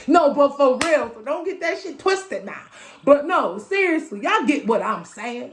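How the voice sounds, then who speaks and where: A sassy woman with a high voice gives a casual spiritual reading to her viewers. She leans hard on repeated phrases and chant-like lines, swears freely and laughs at her own slips. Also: sing-song, a little slow, a little hiss or hum. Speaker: tarot reader.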